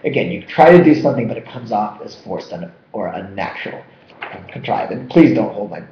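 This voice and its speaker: Male vocabulary teacher, animated and jokey, roomy dull recording. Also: fairly low pitch, a little fast, slight background noise. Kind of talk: energetic vocabulary lesson.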